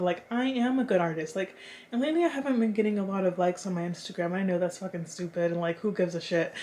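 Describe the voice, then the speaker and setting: A young woman vlogging in casual chat, chatty and animated, swearing freely as she talks. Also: medium pitch, a little hiss or hum.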